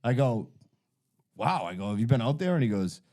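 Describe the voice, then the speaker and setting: A man's voice: mid-range voice, sing-song, brisk, warm tone. Profane rambling man. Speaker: podcast host. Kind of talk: casual storytelling chat.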